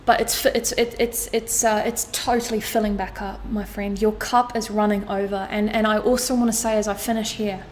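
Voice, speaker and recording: A woman with a mid-range voice talks fairly quickly and with hardly any pauses, her pitch barely moving, over a little hiss or hum. As a tarot card reader giving an astrology reading to viewers, she is earnest and emotional, repeats her phrases, and swears offhandedly.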